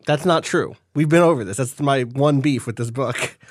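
A podcast co-host chatting casually, riffing quickly with jokes. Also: mid-range voice, no echo, studio quality.

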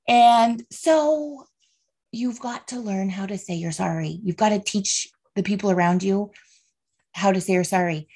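This podcast host is a woman in her thirties whose mid-range voice is creaky, somewhat mellow and slightly rough. On her casual solo show she talks earnestly and from the heart about faith and feelings, frequently checking in with "right?" and "okay."

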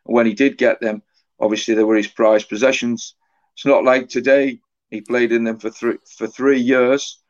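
A middle-aged man speaks as an author and guest on a casual podcast, recalling stories in a halting, anecdotal way. His voice sits low and keeps a flat, even tone with little rise or fall. The audio is slightly dull and lo-fi.

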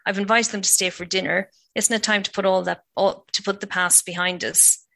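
A woman's voice: mid-range voice, fairly even intonation, a little fast, creaky, a bit bright. A woman reading the lines of an earnest young husband trying to make peace. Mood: reproving. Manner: reasoning, conciliatory.

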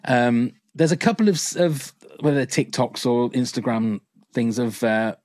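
A man's voice: medium pitch, normal speed, a little mellow, no echo. Rambling man, dry close sound. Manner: rambling, enthusiastic, swears casually. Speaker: podcast co-host. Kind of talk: casual chat.

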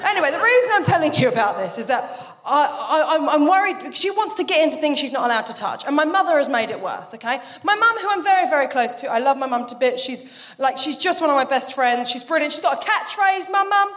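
A woman's voice: high voice, lively intonation, fast, a bit bright, in a large hall. A British woman in her thirties performing a live, chatty stand-up routine and breaking into character voices. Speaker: stand-up comedian.

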